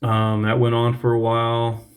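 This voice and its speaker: A preacher telling his personal testimony in an earnest, reflective way, often pausing to clear his throat. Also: mid-range voice, completely flat delivery.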